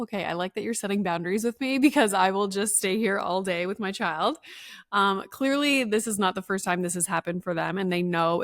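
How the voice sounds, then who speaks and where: A woman's voice: medium pitch, no echo, clean studio sound. A woman in her thirties hosting a podcast at home, telling a story in casual, rambling talk full of "like" and acting out what people said. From Canada. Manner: chatty, many "like"s, acts out quoted voices. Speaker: podcast host. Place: room at home.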